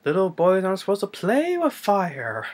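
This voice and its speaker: A man's voice: sits high, huge pitch swings, normal speed, slightly rough, pitched above the performer's own voice, exaggerated voice. A man voicing a grown male prison guard who mocks and taunts in a sing-song way. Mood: taunting.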